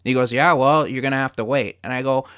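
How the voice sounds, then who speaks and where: A man hosting a podcast, telling stories in casual chat, swearing freely and getting loud as he relives his anger. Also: mid-range voice, fast, clean tone, no echo, clean studio sound. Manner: animated storyteller, swears freely, gets loud retelling anger. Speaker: podcast host.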